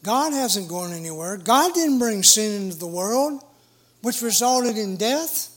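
Middle-aged guy preaching, slow and emphatic, kinda high voice. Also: expressive, fairly bright tone. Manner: earnest, emphatic, slow measured delivery. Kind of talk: sermon.

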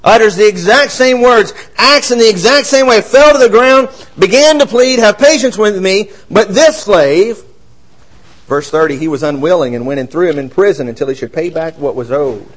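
High-voiced male preacher. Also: moderate pace, low-quality recording. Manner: expressive, swings between raised emphasis and quiet low asides. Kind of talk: sermon.

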